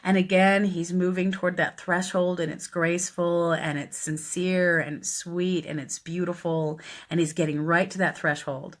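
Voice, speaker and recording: A woman's voice: lowish voice, steady tone, moderate pace, few pauses. Woman telling a story on a live stream, earnest, lots of you know and um. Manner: earnest, conversational, many fillers. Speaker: death doula.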